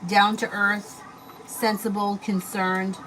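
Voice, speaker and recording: A woman's voice: mid-range voice, flat delivery, slow, fairly bright tone. A woman giving a live-stream tarot reading, reading out viewer questions and answering casually with fillers. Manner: reads viewer questions aloud, then answers loosely with fillers. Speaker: tarot reader. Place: home. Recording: noisy home recording.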